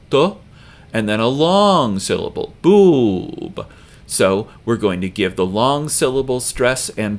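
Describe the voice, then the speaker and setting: A man teaching a recorded lesson, talking slowly and patiently and repeating each example word louder with strong stress. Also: lowish voice. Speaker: language teacher.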